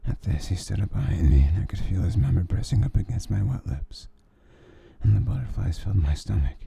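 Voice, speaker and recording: Brief: man, whispered role-play storyteller, very dark and breathy voice. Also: low-pitched, animated. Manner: slow, soft, intimate reading. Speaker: ASMR storyteller.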